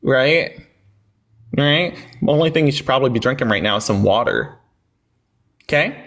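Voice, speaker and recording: A man hosts a heated debate on a livestream. His voice sits in a middle pitch, and his delivery is sarcastic and mocking as he talks over the caller. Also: expressive, normal speed, a bit bright.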